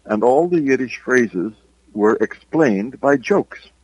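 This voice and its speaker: Husky older Irish-accented man. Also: mid-range voice, animated, a little mellow, dull audio. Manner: reflective, unhurried, with hesitant pauses. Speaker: author guest. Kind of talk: interview storytelling.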